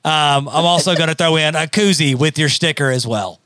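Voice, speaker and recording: A man with a slightly high voice co-hosts a relaxed show. He talks loosely and swears freely, and his voice sounds dry and close to the mic. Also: fairly quick, no room sound. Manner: loose, swears and laughs easily. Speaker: co-host. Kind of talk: casual podcast chat.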